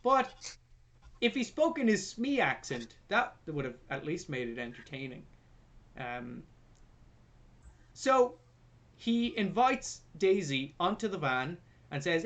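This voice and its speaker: A young man hosting a podcast, retelling a film plot in a jokey, sweary, animated way. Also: high-pitched, takes it slowly, long pauses. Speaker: podcast host. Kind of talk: casual film review chat.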